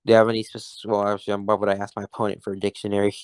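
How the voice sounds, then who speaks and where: A man arguing in an online debate, halting and hesitant, often stopping himself mid-sentence. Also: fairly low pitch, completely flat delivery, clean tone, no echo. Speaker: debate opponent.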